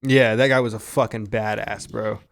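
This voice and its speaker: A man's voice: on the low side, moderate pace, gravelly. A young man co-hosting a casual podcast chat, swearing freely and laughing as he tells stories. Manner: swearing, laughing, animated retelling. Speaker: podcast co-host.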